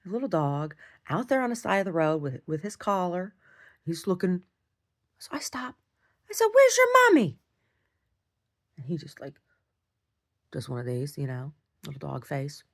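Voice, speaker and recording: A woman's voice: sits low, animated, normal speed, long pauses, darkish tone. A woman rambling through a casual, self-deprecating video diary at home. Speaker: video diarist.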